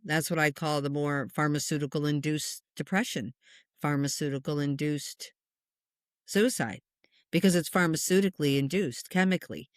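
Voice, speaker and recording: A woman who works as a spiritual medium, a guest telling stories in an earnest, passionate, animated way. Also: low voice, normal speed, no room sound, clean studio sound. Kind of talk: conversational interview storytelling.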